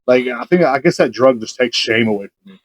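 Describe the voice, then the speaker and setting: A man's voice: mid-range voice, lively intonation, no room sound. A young man, hosting a podcast and rambling through profane anecdotes in casual chat. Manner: rambling anecdotes, quick, laughing, swears freely. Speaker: podcast host.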